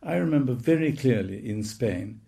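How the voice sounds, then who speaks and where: A man's voice: medium pitch, lively intonation, moderate pace, vocal fry, mellow. A man in his eighties recounting childhood memories in a wry, anecdotal storytelling manner. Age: 80s. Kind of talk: reminiscing talk.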